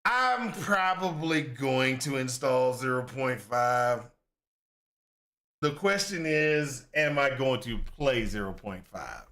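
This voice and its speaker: A man's voice: medium pitch, lively intonation, slow pace, pushed and bright. A man giving casual, rambling reaction commentary on a video game, venting in exasperation and acting out his own past complaints. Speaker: gaming content creator.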